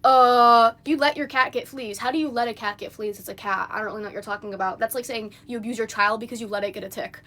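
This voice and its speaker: A woman's voice: on the high side, steady tone, quick pace, few pauses, sharp tone, a little hiss or hum. A young woman on a phone livestream, venting in an indignant, rambling rant full of fillers. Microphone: phone mic.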